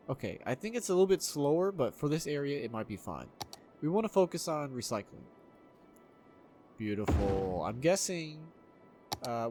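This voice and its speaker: A man casually commentating his own city-building game, excitable, swearing freely and laughing often. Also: fairly high pitch. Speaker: gameplay video host. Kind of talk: casual let's-play commentary.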